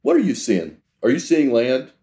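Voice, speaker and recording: A man's voice: mid-range voice, wildly swooping pitch, moderate pace, warm tone. A man hosting a podcast interview, speaking reflectively in extended metaphors. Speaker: podcast host. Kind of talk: conversational interview.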